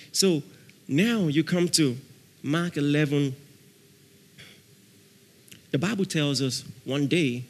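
Animated preacher man in a reverberant hall. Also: a little high. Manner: animated preaching, shouting dramatic prayer examples, laughing often. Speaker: pastor. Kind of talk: sermon. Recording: long reverb of a large hall.

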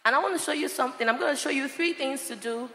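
Woman, preacher, sermon, very high voice, shouting often, long hall reverb. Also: fast talker. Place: church. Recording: echoey church hall.

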